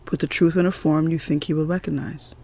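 A man voicing a calm, knowing woman guide, patient as she explains things in a storybook reading. The voice has a gravelly, husky edge and sits somewhat high. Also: a little fast. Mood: urging.

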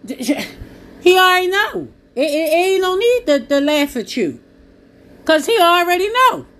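A woman's voice: extremely high pitch, very animated, normal speed, a bit bright. A woman with speech, preaching to listeners in an earnest, pleading, blunt way. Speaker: Christian preacher.

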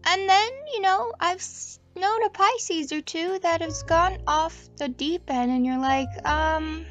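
A woman's voice: high-pitched, fairly bright tone, muffled recording. Chatty young woman rambling. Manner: chatty, self-deprecating, meandering with frequent restarts. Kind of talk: casual rambling chat.

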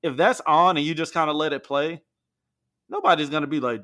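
A man's voice: a little high, fairly quick, fairly bright tone. A man co-hosting a podcast in casual, profane, joking chat about music. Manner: profane, laid-back and joking. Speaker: podcast co-host.

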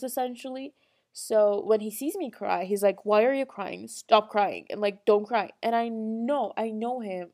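A young woman speaks to her viewers in an earnest, rambling way, full of restarts and small laughs. Her pitch sits in the middle of the range, neither high nor low. It sounds like a casual, heartfelt personal monologue. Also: darkish tone. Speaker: vlogger.

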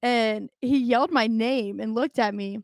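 A woman's voice: on the high side, measured pace, no echo, clean studio sound. A young adult woman co-hosting a podcast in casual, blunt, profane chat, laughing often. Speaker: podcast co-host.

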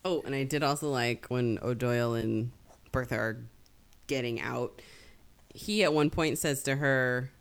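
A woman's voice: very deep voice, unhurried. A woman in casual book-club chat, talking things through and laughing often. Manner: chatty, laughs often, acts out quotes.

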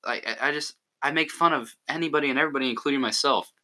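A man's voice: medium pitch, rapid-fire, sharp tone. A young man co-hosting a casual podcast, joking around with friends and laughing often. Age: teens. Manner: joking, laughs a lot, talks over others. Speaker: podcast co-host. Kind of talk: casual chat.

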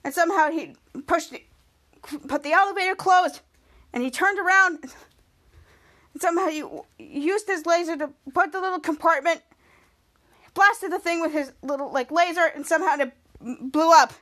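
A woman's voice: very high voice, normal speed, bright, forceful tone. A woman hosting a podcast, casually recapping a TV episode scene by scene, rambling with frequent restarts. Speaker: podcast host.

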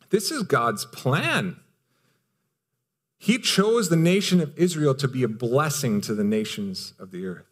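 A man's voice: mid-range voice, very animated, measured pace. Emphatic, conversational male pastor preaching. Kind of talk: sermon.

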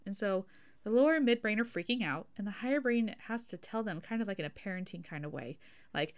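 A woman's voice: medium pitch, expressive, quick pace. A woman hosting a casual religious teaching podcast, talking in a chatty, self-deprecating way, with frequent laughs and fillers. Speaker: podcast host.

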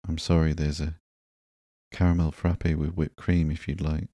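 A man reading the lines of a nervous, awkward young man in a halting, hesitant way for a sleepy comic book reading. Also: a bass voice, level tone, dark tone, no echo.

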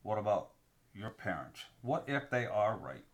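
A man co-hosting a casual faith podcast, telling a personal story in a halting way that repeats words as he goes. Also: lowish voice, very animated. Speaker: podcast co-host. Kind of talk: casual religious discussion.

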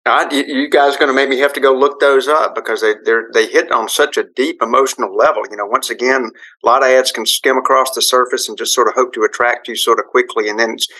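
A man chats on a podcast with a bright, forward voice. He talks in an enthusiastic, expressive way. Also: medium pitch, rough recording. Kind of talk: casual chat.

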